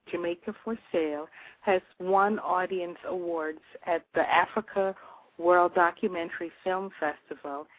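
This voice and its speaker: A woman hosting a radio show, reading a scripted guest introduction in measured phrases. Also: lowish voice. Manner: reads a long list of credits in measured phrases. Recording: tinny phone line.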